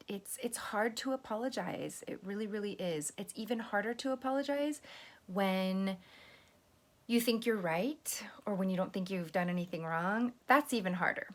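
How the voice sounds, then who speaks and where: A young woman teaching young children how to apologize, speaking gently and patiently and explaining each step, now and then acting out sample apologies. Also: mid-range voice. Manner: acts out sample apologies to a pretend friend. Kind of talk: lesson for children.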